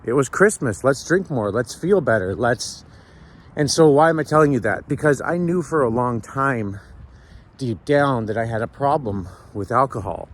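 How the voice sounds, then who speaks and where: Out on a city street at sunrise, a man narrates his casual morning walking vlog about sobriety in a mid-range voice at normal speed. He's reflective and meandering, restarting often and tagging lines with "right?", over a faint hiss or hum.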